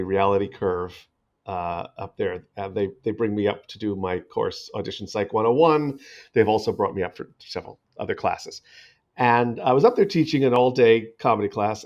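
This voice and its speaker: A middle-aged actor from New York, a podcast guest who tells anecdotes in a rambling way with many restarts. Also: male voice, on the low side. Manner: rambling, frequent restarts, storytelling. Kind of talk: casual interview anecdotes. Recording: slightly dull lo-fi podcast audio.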